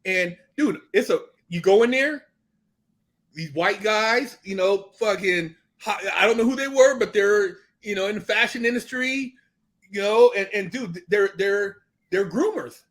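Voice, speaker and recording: High-voiced man telling animated, profane stories. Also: unhurried. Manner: animated storytelling, profane, acts out quoted dialogue. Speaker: guest. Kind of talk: casual podcast conversation.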